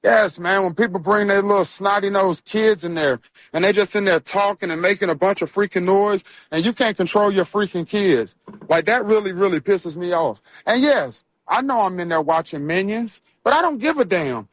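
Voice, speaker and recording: A man on a sports talk show, ranting in a loud, comic, casual way. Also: sits high, normal speed, dry recording.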